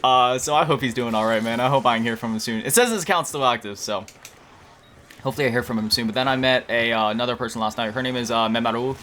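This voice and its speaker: Talking at a quick pace in a mid-range voice that sounds pushed and bright, a gaming video creator chats casually over his gameplay. He rambles, often corrects himself, and laughs at himself amid many fillers. There's a slight hiss or hum in the audio.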